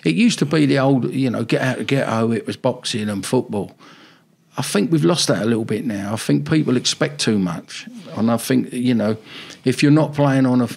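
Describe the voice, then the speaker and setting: A man's voice: medium pitch, creaky, a little mellow. An older man, a former football manager, telling rambling anecdotes in a casual interview.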